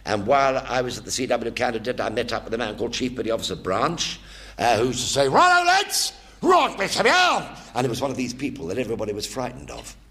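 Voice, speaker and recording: A man's voice: medium pitch, fast. An English man in his seventies telling war stories to a theatre audience, acting out every voice in his one-man stage show. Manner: vivid raconteur, acting out every voice.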